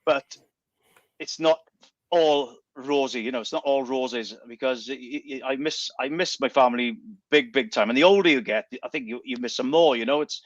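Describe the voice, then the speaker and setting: A man's voice: mid-range voice, moderate pace, dry recording, dull audio. A middle-aged man, a guest entertainer chatting on the radio, telling stories animatedly and stumbling over repeated words. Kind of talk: casual radio chat.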